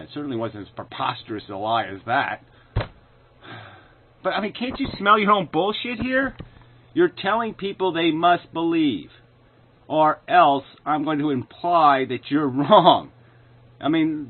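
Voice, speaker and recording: A man giving an angry, sarcastic commentary, full of swearing and loud outbursts. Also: medium pitch. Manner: profane, sarcastic, shouting in bursts. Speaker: video commentator. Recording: tinny phone-like sound.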